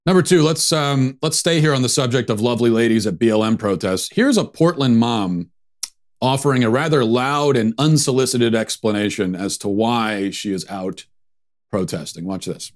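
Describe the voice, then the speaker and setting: A man's voice: mid-range voice, moderate pace. A man hosting a political commentary show, sarcastic and dismissive in a conversational way.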